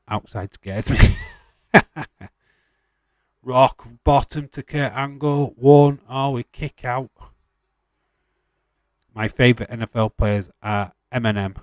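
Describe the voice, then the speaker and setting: A man's voice: medium pitch, slow pace, long pauses, dry recording. A man hosting a live watch-along stream, chatting casually, answering viewer questions with frequent laughs and the odd swear.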